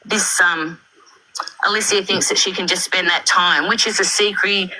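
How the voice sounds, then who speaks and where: A woman commenting critically on a live stream, building her points slowly with repetition and fillers. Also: medium pitch, steady tone, sharp tone, low-quality recording. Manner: measured, repeats points, many fillers.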